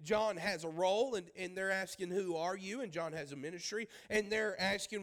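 A man's voice: sits high, moderate pace, few pauses, a bit bright. A man preaching a sermon as pastor. He speaks emphatically, repeats his phrases and asks the congregation questions.

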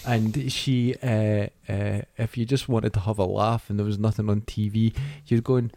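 A man's voice: on the low side, flat delivery, moderate pace, warm tone. A Scottish man co-hosting a podcast, chatty and joking in casual banter. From Scotland. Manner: joking, chatty, laughs often. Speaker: podcast co-host.

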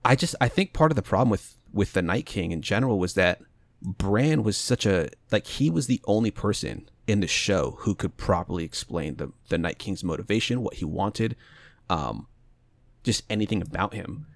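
A man's voice: lowish voice, lively intonation, moderate pace, no room sound. A man casually talking over a TV show's plot as a podcast co-host, rambling and restarting as he mulls theories aloud. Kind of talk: casual TV recap chat.

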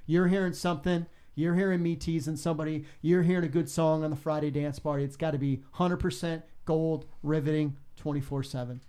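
A radio DJ tells stories in a casual interview, talking a little fast with hardly any pauses in a clean tone. He's animated and acts out callers with big jumps in pitch.

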